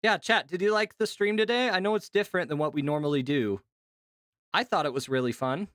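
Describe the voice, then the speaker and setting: A man streaming casually to his chat, talking in an animated, chatty way with lots of fillers and laughs. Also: a little high, fairly quick, no room sound. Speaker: streamer and voice actor.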